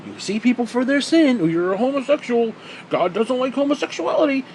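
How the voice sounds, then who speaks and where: A man on a profane, sarcastic rant, his voice sitting high and leaping up and down as he gets heated. He swears constantly and pushes every point hard. A faint hum of air conditioning runs behind him. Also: animated, fairly quick, a little mellow, poor audio. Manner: mocks others in put-on quoted voices. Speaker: vlogger. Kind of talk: profane ranting monologue.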